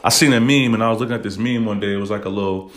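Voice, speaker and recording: A man's voice: on the low side, fairly even intonation, racing. A man hosting a casual podcast, talking bluntly and emotionally, swearing a lot and often saying "you know what I'm saying". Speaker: podcast host.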